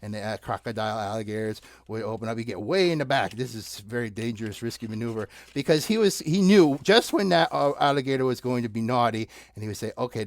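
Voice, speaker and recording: A puppet show host telling silly stories and singing rhymes in an animated, teasing way, recorded in a basement. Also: medium pitch, no room sound. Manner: animated, sing-song, teasing with the audience. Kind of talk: playful puppet storytelling.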